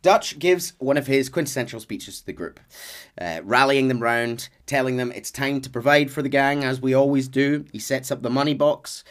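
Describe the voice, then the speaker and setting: A man's voice: mid-range voice, normal speed. Chatty man recapping game lore. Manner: chatty with frequent fillers and laughs. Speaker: podcast host. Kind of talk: casual lore recap chat.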